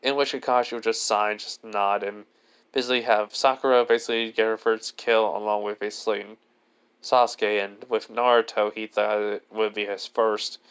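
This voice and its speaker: A man's voice: lowish voice, level tone, normal speed, a bit bright, clear, resonant tone. A man casually improvising a fan story, rambling and leaning heavily on filler words. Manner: rambling, leans on "basically" and "you know" fillers.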